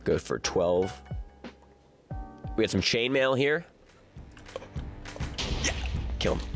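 A young man giving casual commentary on his own gameplay, excitable and rambling, often bursting into panicked shouts. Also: fairly low pitch, measured pace, long pauses. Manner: excitable, yells "no" in bursts, filler-heavy rambling. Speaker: gaming YouTuber. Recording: music playing behind the voice.

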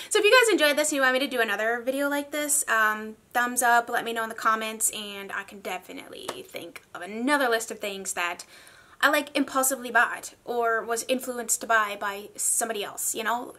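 A woman talking in a casual makeup review vlog, chatty and gushing, with animated asides. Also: fairly high pitch. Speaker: beauty vlogger.

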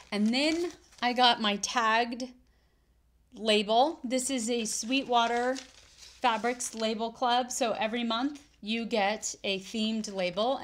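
A woman vlogger chatting casually about her stitching and quilting projects, rambling and correcting herself as she goes. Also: a little high. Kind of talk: casual chat.

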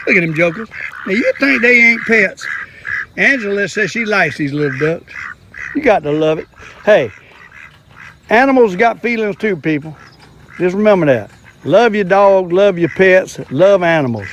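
Folksy older man, high voice. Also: expressive, a little slow, long pauses, fairly bright tone, a little hiss or hum. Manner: folksy, chatty, drawling. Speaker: fishing vlogger. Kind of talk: casual fishing vlog. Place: outdoors at a lake.

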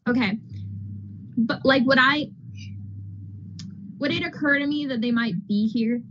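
A woman's voice: high voice, unhurried, fairly bright tone. A woman playing a tabletop game, talking hesitantly with lots of fillers. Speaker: player. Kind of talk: casual chat. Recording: lo-fi audio with clear background noise.

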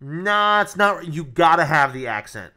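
A man's voice: a little high, lively intonation, unhurried, sharp tone. A man co-hosting a podcast, bantering emphatically and swearing freely in casual chat. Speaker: podcast co-host.

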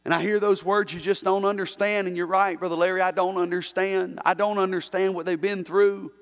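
A pastor preaches with a high, ringing male voice. He repeats key phrases and pulls the congregation in with call-and-response. His voice carries a long echo through the church sanctuary. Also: flat delivery, brisk. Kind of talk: sermon. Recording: long reverb in a church hall.

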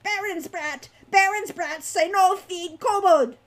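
Kobold: shrieking, hateful little creature, very high, broken grammar, storybook villain. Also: female voice, slow. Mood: furious. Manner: shrill, snarling, clipped broken grammar.

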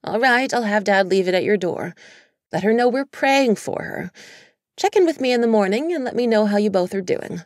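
A woman doing a brisk, worried mom. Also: mid-range voice, animated, darkish tone, dry recording, clean studio sound, pitched above the performer's own voice, lightly acted. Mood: concerned. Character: worried caring mother on the phone, middle-aged woman.

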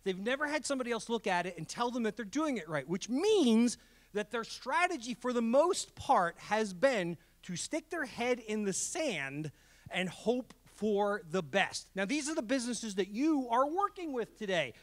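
A man giving a fast-paced, emphatic presentation talk with jokes at a community event. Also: extremely high pitch. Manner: energetic, emphatic, joking. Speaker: guest speaker. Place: college event hall.

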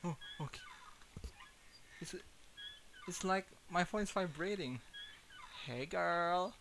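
A man's voice: high voice, slow pace, vocal fry, long pauses, very noisy. A man streaming a horror game, jumpy and nervous, laughing and muttering to himself.

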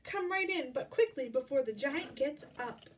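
A huge, kindly giantess booms her welcome in a storybook reading, played by a woman. Her voice rides high and loud, bustling along. The mic sits a little way off with faint ambience behind. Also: expressive, normal speed, far from the mic, background noise. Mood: warm, urgent. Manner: booming and bustling. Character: kind motherly huge giantess.

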